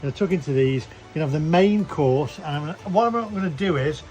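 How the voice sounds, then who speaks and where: A man with a slightly high voice chats to camera about his meal with showy enthusiasm. Faint music plays behind him. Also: animated, fast, a little mellow. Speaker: vlogger. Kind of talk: casual food vlog chat.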